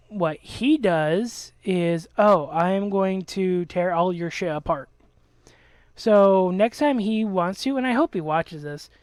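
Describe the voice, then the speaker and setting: A man's voice: high voice, no echo. Angry ranting young man, dry sound. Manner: angry, profane, aggrieved rant. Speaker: Let's Play host. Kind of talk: ranting commentary over gameplay.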